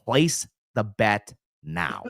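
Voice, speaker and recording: Animated man on a sports podcast. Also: on the low side, very slow, gravelly, no room sound, clean studio sound. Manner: animated, hyperbolic, jumps into little impressions. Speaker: podcast co-host. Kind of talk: casual sports betting chat.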